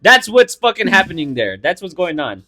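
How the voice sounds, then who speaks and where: A young man co-hosting a casual podcast with his sister, talking in an animated, profane, teasing way, a little quiet and echoey from a misplaced mic. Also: high voice, moderate pace. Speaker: podcast co-host. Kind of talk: casual chat.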